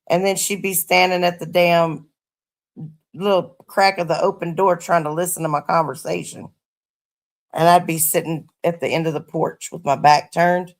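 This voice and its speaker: A woman's voice: on the low side, fairly even intonation, normal speed. A middle-aged woman telling stories to her livestream viewers in a laid-back, profane, casual way. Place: her home.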